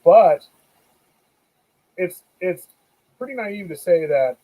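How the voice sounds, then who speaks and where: A man's voice: sits high, expressive, slow pace, narrow, tinny audio. A man co-hosting a show, chatting in a laid-back way and swearing often. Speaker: podcast co-host. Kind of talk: casual chat.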